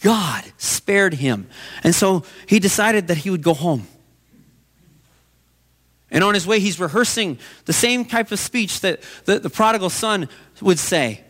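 A man's voice: high voice, animated, measured pace, fairly bright tone. A man preaching a sermon as pastor, telling a story in an earnest way.

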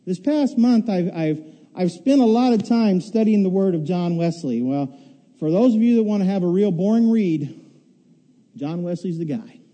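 A man with a high-pitched voice preaches a sermon, telling stories in a homespun, folksy way. His tone is very mellow and dark-colored for his pitch, and he tends to double up on words as he talks. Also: lively intonation, normal speed. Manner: folksy storytelling, repeats words. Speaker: pastor.

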